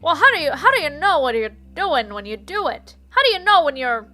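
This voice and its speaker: A woman's voice: high voice, sing-song, fairly quick, sharp tone, faint music behind, voice pushed up, full character voice. A woman voicing a flustered 1950s film actress in a put-on Southern drawl.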